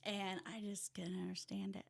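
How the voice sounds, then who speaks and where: A woman from rural Oklahoma with an Oklahoma accent, a podcast guest telling her personal story in casual chat, lively and sometimes dropping to a near-whisper. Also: mid-range voice, moderate pace, creaky. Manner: animated storyteller who drops to a hush at tense moments. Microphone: audio-only podcast mic.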